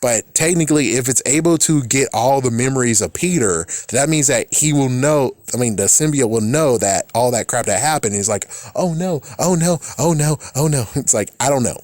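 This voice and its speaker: A man's voice: medium pitch, fairly quick, hardly any pauses, darkish tone, no room sound. A man rambling through casual commentary on a film, exasperated and swearing often. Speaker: vlogger.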